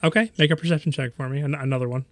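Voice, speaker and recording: A man's voice: mid-range voice, steady tone, no echo, clean studio sound. A man narrating as game master, describing scenes with many fillers and restarts. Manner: halting, filler-heavy description.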